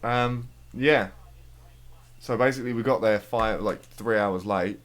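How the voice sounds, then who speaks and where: A man's voice: lowish voice, unhurried, a bit bright. A man, commentating on a game and telling a rambling, sweary story to a friend. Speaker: let's play commentator. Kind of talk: casual chat over gameplay.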